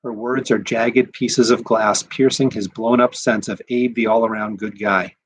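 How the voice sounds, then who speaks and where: A rabbi reading a short story aloud in a measured, expressive way. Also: male voice, fairly low pitch, slightly rough, poor audio. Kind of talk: scripted narration of a short story.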